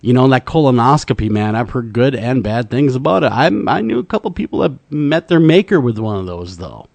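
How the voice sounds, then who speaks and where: A man's voice: mid-range voice, very animated, a little fast, gravelly, a little mellow, no echo. A man hosting a radio talk show in casual banter, joking and rambling and laughing easily.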